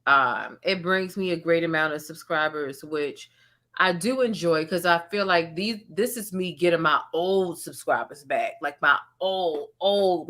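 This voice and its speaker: Low-voiced woman, bright and candid. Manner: candid, conversational, trails off and repeats words. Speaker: commentary channel host. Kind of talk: casual live-stream chat.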